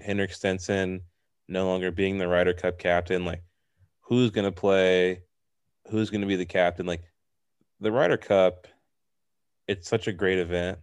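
A man's voice: low voice, no room sound. A man co-hosting a casual podcast, rambling and chatty, filling his talk with "like". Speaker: podcast co-host. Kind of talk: casual chat.

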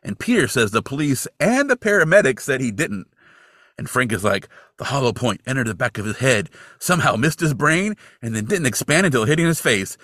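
A man's voice: mid-range voice, fairly quick, dry recording, studio quality. A man co-hosting a podcast, recapping a TV episode's plot with wry jokes and mock disbelief at the characters. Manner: animated and wry, jokes and mocks the characters while narrating.

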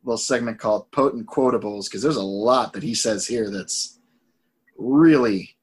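A man chatting casually on a podcast, with a husky, slightly breathy tone. He tells stories in an animated way, stumbling and restarting his sentences. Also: fairly low pitch, moderate pace. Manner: animated, frequent restarts, enjoys crude jokes. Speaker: podcast co-host. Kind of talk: casual podcast chat about a film.

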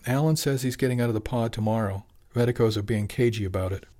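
A man voicing a brisk office messenger. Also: mid-range voice, mellow, lightly acted.

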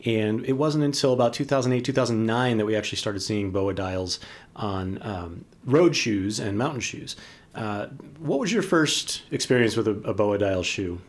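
A man co-hosting a casual podcast chat, relaxed and chatty, laughing easily. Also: on the low side, normal speed. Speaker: co-host.

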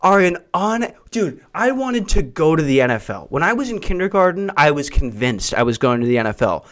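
A man's voice: a little high, very animated, fairly quick, fairly bright tone. A man hosting a solo comedy podcast from a house, ranting in a crude, profane and self-mocking way. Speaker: podcast host. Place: hot brick house.

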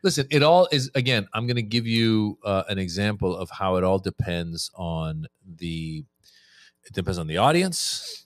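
Lively storytelling man, low voice. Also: no room sound, studio quality. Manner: animated storyteller, acts out crowd-work exchanges. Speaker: stand-up comedian guest. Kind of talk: casual podcast chat.

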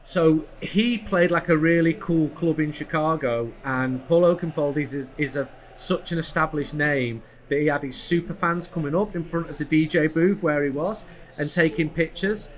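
Man, somewhat high voice, rambling, casual anecdote. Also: moderate pace, hardly any pauses. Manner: rambling, hesitant, full of restarts. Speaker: podcast co-host. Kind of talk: casual storytelling.

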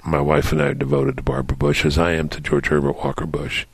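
An older male podcast host with a very deep, gravelly voice and a husky edge. He tells stories in an animated, swooping way. The sound is dry and close. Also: quick pace, no echo. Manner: animated anecdotal storyteller with laughs. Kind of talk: casual storytelling.

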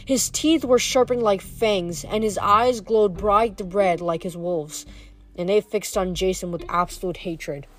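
A woman reading a novel aloud, steady, with small stumbles over words now and then. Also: mid-range voice, a little slow. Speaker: reader.

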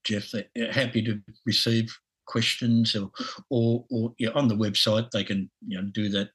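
A man in his sixties with an Australian accent, a podcast guest talking haltingly with lots of restarts and chuckles. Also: fairly low pitch, flat delivery, fairly bright tone, husky, poor audio. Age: 60s. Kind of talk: casual interview.

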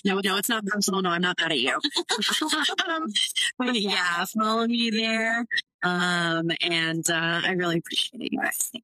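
A woman's voice: lowish voice, moderate pace, pushed and bright, dry recording, poor audio. A young woman talking casually as a podcast guest, chatty, with lots of fillers and laughs. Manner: chatty, many likes and laughs. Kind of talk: casual interview chat.

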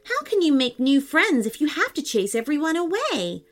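A woman reading a children's story, voicing a kind, excitable young mermaid girl with eager exclamations. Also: high-pitched, normal speed, pitched above the performer's own voice, full character voice.

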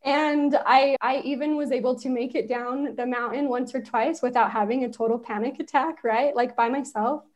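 A woman's voice: sits high, steady tone, normal speed, hardly any pauses. A woman from Utah, a podcast guest, telling personal stories in casual conversation and laughing often as she talks.

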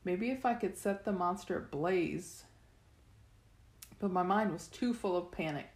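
A woman reading a novel aloud in first person, steady storytelling with the odd restart. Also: fairly low pitch, measured pace. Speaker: reader. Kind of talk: first-person audiobook narration. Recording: echoey room.

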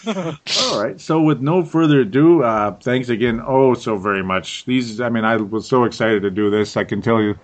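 A man's voice: mid-range voice, normal speed. A tired man hosting a casual sports podcast, laughing often and restarting his sentences. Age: young adult to middle-aged. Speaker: podcast host.

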